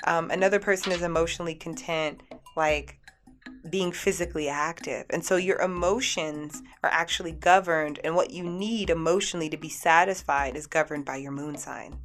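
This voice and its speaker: A woman's voice: deep voice, fairly even intonation, normal speed, fairly bright tone, soft background music. A woman hosting a radio show, talking casually and upbeat with many "like"s and restarts. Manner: chatty, upbeat, full of "like" and restarts. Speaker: radio show host and energy healer. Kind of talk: casual talk radio monologue.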